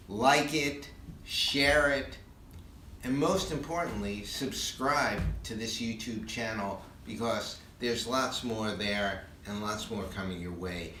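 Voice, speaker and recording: A man's voice: mid-range voice, bright, forceful tone, slight background noise. Emphatic man in an echoey room. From New York. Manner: emphatic, storytelling, stresses key words. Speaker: leadership speaker. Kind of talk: motivational talk to camera. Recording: echoey room, mic at a distance.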